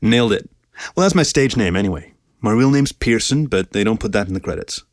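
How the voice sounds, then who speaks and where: A man's voice: on the low side, lively intonation, fairly quick, no echo, studio quality, lightly acted. A man voicing a cocky, laid-back male dog who talks in a lazy drawl. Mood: teasing.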